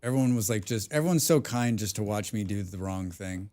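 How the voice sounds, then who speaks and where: A man's voice: on the low side, fast, a little mellow. A man casually chatting on a game live stream, humming and mumbling nonsense sounds between remarks. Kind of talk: casual live-stream chat while playing.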